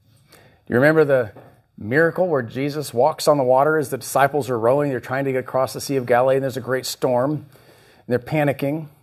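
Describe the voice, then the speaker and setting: A man's voice: mid-range voice, steady tone, a little fast. A male pastor preaching a sermon, reading scripture and acting out the voices he quotes. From United States.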